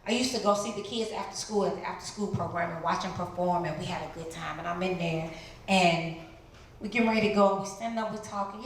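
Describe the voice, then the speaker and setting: Echoey woman testifying in church. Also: quick pace. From Chicago area. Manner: animated storytelling, jumps into high voices to act out quotes. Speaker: guest speaker. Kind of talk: testimony sermon. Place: large church hall. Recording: very echoey church hall, some noise.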